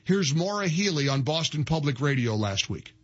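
A man's voice: fairly high pitch, very animated, normal speed. A man hosting a call-in talk radio show, mocking and combative with callers. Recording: dull lo-fi radio audio.

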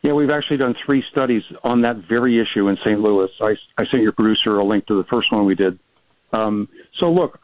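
A man, a policy researcher, talking fast as a guest in a radio interview, with many restarts and fillers. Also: medium pitch, dry recording, lo-fi sound.

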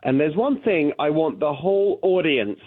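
A man with a British accent, a political candidate calling in to a radio show, animated and full of restarts. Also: on the high side, normal speed, no room sound. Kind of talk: phone-in radio interview. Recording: tinny phone line.

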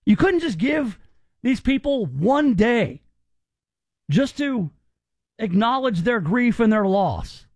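High-voiced talk radio host, emphatic. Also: male voice, darkish tone, dry recording. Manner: emphatic, opinionated, chatty.

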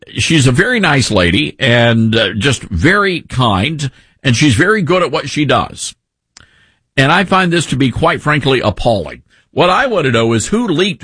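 A man hosting a talk radio show, telling stories in a conversational, animated way with frequent restarts. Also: mid-range voice, husky, no room sound. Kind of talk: conservative talk radio monologue.

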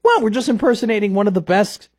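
Animated man hosting a sports chat. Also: high voice, fast talker. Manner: animated, rambling, playful. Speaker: sports talk host.

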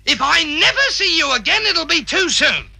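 An actor playing a flustered, stammering schoolteacher in a vintage radio comedy. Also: male voice, extremely high pitch, sing-song, moderate pace, gravelly, pushed and bright, heavily acted. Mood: exasperated. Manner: stammering, sputtering repeats.

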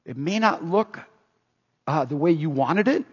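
A man preaching a sermon in an energetic, emphatic way, moving between loud stresses and quiet asides. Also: on the high side, unhurried, breathy edge. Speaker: pastor. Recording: dull, echoing hall sound.

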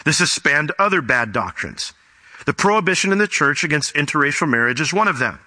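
A man preaching a sermon as pastor, reading scripture aloud and explaining it, often rising in pitch for emphasis. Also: a little fast. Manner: animated, rises sharply in pitch for emphasis.

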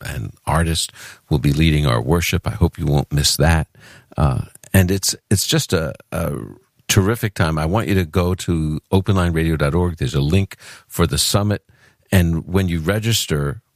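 A man from Brooklyn hosts a call-in radio show with an extremely deep voice. The sound is dry and close, and he talks in a chatty, earnest way. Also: dry recording. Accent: New York. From Brooklyn, New York. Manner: chatty, earnest, with fillers and restarts. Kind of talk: live call-in radio talk.

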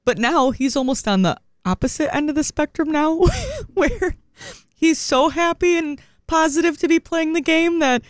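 Animated, laughing woman radio co-host. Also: sits high, normal speed, no room sound. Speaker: radio morning show co-host. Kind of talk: casual radio chat.

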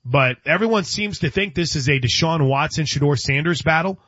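A man's voice: fairly high pitch, expressive, a little fast, fairly bright tone, no room sound, highs cut off. A man hosting a sports radio show, chatting casually and often restarting his sentences. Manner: chatty, stumbles and restarts, laughs.

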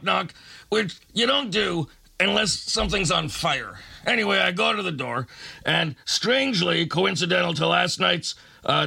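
Sarcastic late-night radio guy, kinda husky, talks high. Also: sharp tone. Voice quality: sarcastic, ranting comic delivery. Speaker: radio show host.

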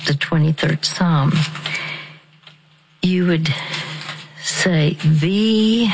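A woman counseling a caller on a call-in show, soothing and unhurried, with fillers, restarts and some softly whispered words. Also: low-pitched, creaky, low-quality recording.

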